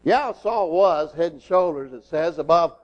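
A middle-aged man preaching a sermon in an animated way, acting out little voices in his asides. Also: a little high, measured pace, highs cut off.

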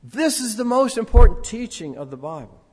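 An older man preaching a sermon in a church, swinging between loud proclamation and quiet asides. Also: sits high, big pitch swings, moderate pace, husky. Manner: sings a few lines of a song. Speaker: pastor. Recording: long hall reverb.

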